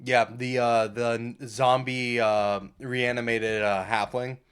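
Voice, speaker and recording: A man's voice: medium pitch, flat delivery, fairly bright tone, clear, resonant tone. Male co-host, laid-back banter, mid-range voice. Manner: easygoing, joking, quick to agree. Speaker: podcast co-host. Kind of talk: casual chat.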